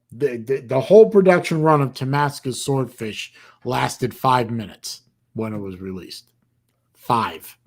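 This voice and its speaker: A man hosting a casual livestream chat, talking in a rambling, halting way with bursts of dry sarcasm. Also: mid-range voice. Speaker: livestream host.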